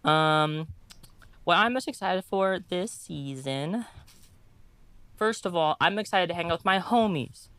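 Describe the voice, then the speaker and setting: Bright, smooth man chatting casually. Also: sits high, a little slow, long pauses, no room sound. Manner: relaxed, rambling, with fillers. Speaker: tabletop role-play player. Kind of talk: casual podcast chat.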